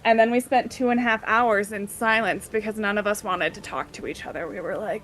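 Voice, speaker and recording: A woman's voice: medium pitch, fairly even intonation, brisk, hardly any pauses, a bit bright, a little hiss or hum. A woman casually recapping a tabletop game session, chatty and giggly, briefly acting out the party members' lines. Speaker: player recapping the previous session.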